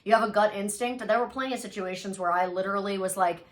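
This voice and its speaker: A woman guest in a casual chat, talking earnestly and trailing off softly, with many filler words. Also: medium pitch, quick pace.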